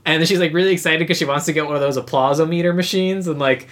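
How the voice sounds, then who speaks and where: A man's voice: a little high, steady tone, fast, fairly bright tone. Rambling, jokey young male podcast host. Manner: rambling, jokey, acts out characters' lines. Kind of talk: casual chat recapping a movie.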